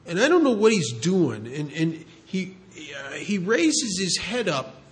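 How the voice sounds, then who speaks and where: A man telling a long recovery story in a halting way, repeating words and slowing down to stress key moments. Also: sits high, very animated. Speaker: recovery speaker. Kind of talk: storytelling talk.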